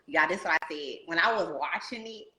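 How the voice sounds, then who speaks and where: A woman hosting a casual podcast interview, telling stories in an animated, slangy way and talking to listeners as "y'all". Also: fairly low pitch, fast, roomy sound, very noisy. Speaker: podcast host.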